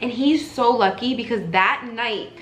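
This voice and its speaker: Young woman vlogger, high lively voice, echoey room with faint hiss. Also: normal speed. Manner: bubbly and chatty, laughs often. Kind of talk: casual couple Q&A chat.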